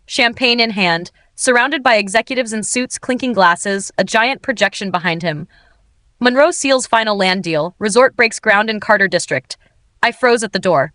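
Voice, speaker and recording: A woman's voice: mid-range voice, fairly bright tone, no echo. Woman narrator for a romance audiobook, emotional and dramatic, dry close recording. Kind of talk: first-person scripted narration.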